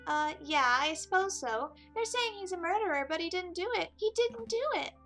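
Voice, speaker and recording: A jittery male mouse with a high, squeaky voice that jumps up in pitch, as a woman puts him on. He hesitates and frets, all nerves and small size. It is a game playthrough read aloud. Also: expressive, normal speed, fairly bright tone, soft background music, heavily acted. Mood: anxious. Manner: nervous, hesitant.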